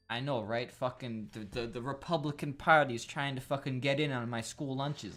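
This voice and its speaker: A man's voice: medium pitch, normal speed, few pauses, a bit bright, soft background music. A young man, slightly sick with a cough, swearing and joking as he plays through and reads a story game. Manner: profane, joking, rambling. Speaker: let's play gamer. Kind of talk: casual game commentary and reading aloud.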